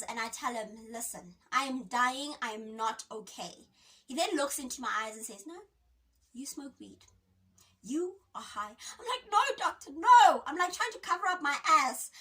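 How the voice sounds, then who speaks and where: Bright, high-voiced South African woman. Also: breathy edge. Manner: dramatic, expressive, acts out quotes with sudden pitch jumps. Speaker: YouTuber. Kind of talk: animated storytime vlog. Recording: voice a bit distant from the mic.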